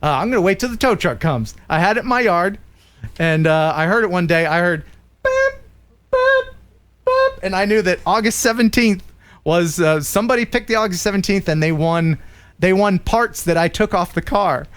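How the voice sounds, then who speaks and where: A middle-aged man hosting a live stream, telling stories in a joking, animated way. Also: high-pitched, brisk, clear, resonant tone. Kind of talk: casual live-stream chat.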